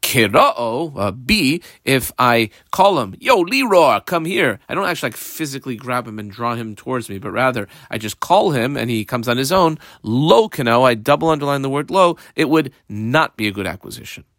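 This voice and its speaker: A man's voice: mid-range voice, expressive, brisk, few pauses, a bit bright, dry recording, clean studio sound. Man walking through a Talmud lesson. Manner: explains step by step, mixes in Hebrew and Aramaic terms; calls out punctuation marks as he reads. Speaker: Talmud teacher. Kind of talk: daily page Talmud lesson.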